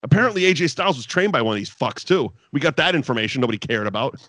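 A podcast co-host reviewing wrestling, over-caffeinated and wired, delivers a casual, profane rant full of exasperation and sudden high outbursts. He talks expressively and fast, with a fairly bright tone, in a dry recording.

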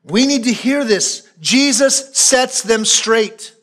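A man preaching a sermon as pastor, emphatic and repetitive, sometimes dropping to a low, quiet voice for solemn points. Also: lively intonation, slow. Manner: emphatic preaching, repeating phrases for weight.

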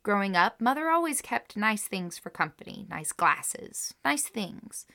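Bright-voiced woman podcast host reading history. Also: medium pitch, big pitch swings, unhurried, creaky. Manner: reads researched passages, then reacts emotionally. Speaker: podcast co-host telling a story. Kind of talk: casual chat with read-aloud history and quotes.

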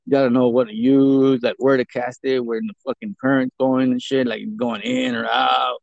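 A man's voice: medium pitch, level tone, moderate pace, vocal fry, no echo. A man co-hosting a podcast, chatting casually and profanely, laughing a lot and slipping into Spanish. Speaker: podcast co-host. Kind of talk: casual chat. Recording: dull, dry lo-fi recording.

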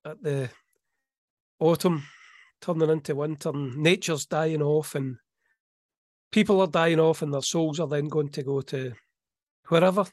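A middle-aged man co-hosting a podcast in casual chat, relaxed and wry, poking fun at himself. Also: a little high, measured pace, long pauses, no room sound, studio quality. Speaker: podcast co-host.

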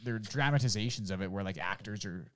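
A man's voice: fairly low pitch, fast talker. Rambling, swearing podcast man. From Canada. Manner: rambling storyteller, swears freely, acts out voices. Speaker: podcast co-host. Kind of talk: casual chat.

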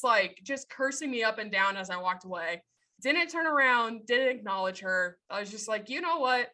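A woman in her thirties telling a story in casual chat, animated and swearing freely as she laughs along. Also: mid-range voice, moderate pace. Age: 30s.

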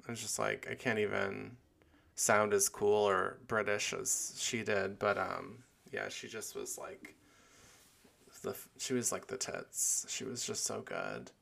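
A man's voice: on the low side, animated, measured pace, gravelly, fairly bright tone. A man hosting a casual solo podcast, rambling and playful with many fillers. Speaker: podcast host.

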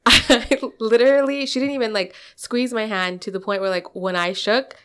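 A woman's voice: a little high, steady tone, normal speed, a bit bright, smooth. A woman in her twenties telling stories in a casual podcast chat, rambling and laughing often. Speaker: podcast co-host.

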